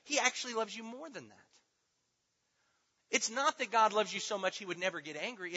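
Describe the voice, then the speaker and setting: Male preacher, emphatic teaching style, animated high voice; dull recording with long hall reverb. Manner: emphatic, swinging between loud stresses and hushed asides. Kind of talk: teaching sermon.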